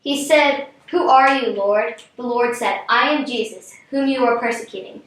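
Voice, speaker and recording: A young woman reads scripture verses aloud in a plain way and trips on names. Her voice is a little high. She sits back from the mic in a very echoey room. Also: normal speed, far from the mic. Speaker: scripture reader.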